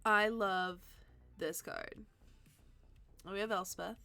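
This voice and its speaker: A woman's voice: mid-range voice, steady tone, slow, gravelly, pushed and bright, smooth. A woman hosting a live stream, chatting casually and answering viewers' comments as she thinks aloud. She is tired and sleepy. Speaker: livestream host.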